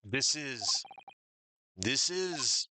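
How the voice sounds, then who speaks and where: A man voicing an excitable, paranoid male scholar in a game, given to dramatic, alliterative outbursts. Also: mid-range voice, very slow, a little hiss or hum, full character voice. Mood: overjoyed. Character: excitable anxious Japanese male scholar prisoner. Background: game music.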